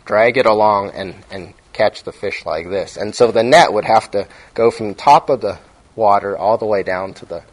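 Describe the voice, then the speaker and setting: A man delivers a sermon in an informal, teaching tone. His voice sits on the low side. He keeps checking in with his listeners as he goes. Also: moderate pace, poor audio. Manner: conversational, frequent "right?" check-ins. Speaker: preacher.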